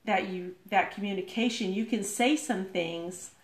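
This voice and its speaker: A sociable woman in relaxed conversation who laughs easily and talks earnestly about what matters to her. Her voice sits at a middling pitch and carries a noticeable room echo. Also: measured pace. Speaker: guest. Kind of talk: casual conversation.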